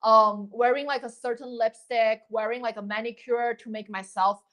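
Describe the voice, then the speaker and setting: A woman's voice: on the high side, steady tone, moderate pace, a bit bright. A young woman chatting on a livestream, rambling with lots of fillers and restarts as she gives dating advice and thanks viewers. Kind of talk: casual livestream chat.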